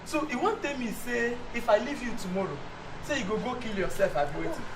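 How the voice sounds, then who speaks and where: An actor playing an easygoing boyfriend with a Nigerian accent, talking in a coaxing, pleading way. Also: male voice, very high-pitched, animated, quick pace, background noise. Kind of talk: comic TV drama. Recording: roomy, distant mic.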